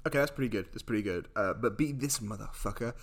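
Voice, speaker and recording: A man's voice: on the low side, fast. A man co-hosting a casual film podcast, playful and teasing, swearing now and then. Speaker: podcast co-host.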